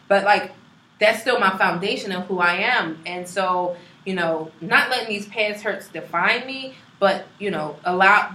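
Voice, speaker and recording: A woman in her thirties speaks frankly and reflectively in a relaxed podcast conversation. Her tone is bright and forceful, with casual swearing. The room around her is roomy and echoey. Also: mid-range voice. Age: 30s. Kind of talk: casual chat.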